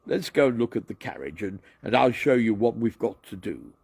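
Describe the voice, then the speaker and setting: A man voicing an excitable actor who keeps instructing and scolding a cat, in a raised, loud voice. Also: on the low side, a little fast, gravelly, breathy edge, dry recording, heavily acted. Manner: loud, exasperated. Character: excitable male actor directing a cat scene.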